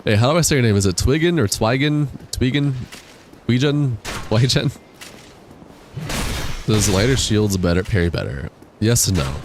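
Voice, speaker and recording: A young man with a deep, low voice streams a game, reading his chat aloud and answering it in easy, slangy talk. He has the hiccups. Loud game noise and booming artillery run behind him. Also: lively intonation, quick pace. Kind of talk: casual live-stream chat while gaming. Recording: game sounds and explosions behind voice. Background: loud game noise, artillery fire.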